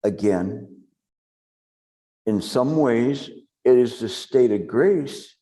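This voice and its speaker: A male meditation teacher delivering a dharma talk with a mellow, dark voice. He speaks very slowly and with deliberate pauses, letting each phrase settle before moving on. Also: mid-range voice, expressive. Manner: slow, deliberate, with long pauses.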